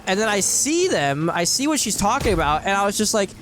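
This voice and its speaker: Brief: male podcast co-host, cursing and rambling, voice high and all over the place, recorded with noise behind. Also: big pitch swings, brisk, fairly bright tone. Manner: profane, rambling storytelling. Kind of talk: casual chat while gaming.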